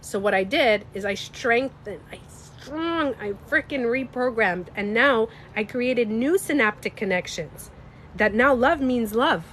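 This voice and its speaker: A woman with a slightly stuffy nose, chatting casually on a livestream. She talks in an animated, emphatic way, swears freely and speaks to her viewers. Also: a little high, a little slow, a little hiss or hum. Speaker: livestreamer and beauty coach.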